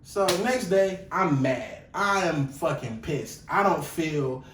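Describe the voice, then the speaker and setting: A young man co-hosting a podcast, telling a story in casual chat, animated and profane, loudly acting out the quotes. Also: fairly high pitch, takes it slowly, far from the mic. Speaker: podcast co-host. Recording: echoey room, voice off-mic, faint noise.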